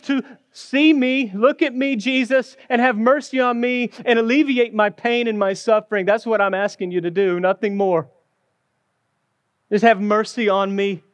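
A man's voice: high voice, steady tone, moderate pace, clear, resonant tone, dry recording, lightly acted. A man voicing a desperate blind beggar who cries out and pleads for mercy. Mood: pleading. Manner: pleading, insistent.

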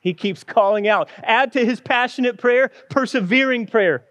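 A man's voice: very high-pitched, normal speed, a bit bright, no echo. A man preaching a sermon in an earnest storytelling manner. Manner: earnest, storytelling with acted quotes. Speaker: pastor.

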